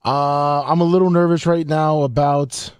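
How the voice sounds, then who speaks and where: A man co-hosting a sports talk show, talking through his picks in a relaxed, agreeable way. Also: on the high side, measured pace, clean tone, no room sound, clean studio sound.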